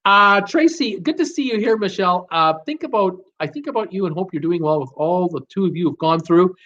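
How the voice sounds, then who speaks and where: A man's voice: high-pitched, expressive, fairly quick, a bit bright. A middle-aged man hosting a live stream, casually reading out viewer comments and answering them with many fillers and restarts. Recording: dull lo-fi stream audio.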